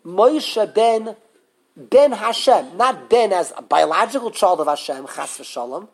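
This man's high, gravelly voice carries an unhurried live Torah class. He is animated, constantly questions his students, and often starts his sentences anew.

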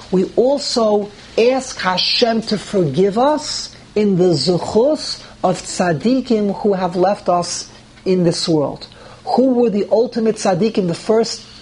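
In poor audio, a man with a husky, darkish voice gives a Torah lesson to a live class. He poses rhetorical questions, restarts phrases while thinking out loud, and rises in pitch to emphasize points.

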